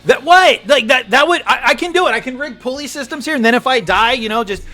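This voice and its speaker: A man chatting casually on a game stream, animated and profane, laughing and bursting into loud outbursts. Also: very high voice, fast, soft background music. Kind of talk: casual gaming stream chat.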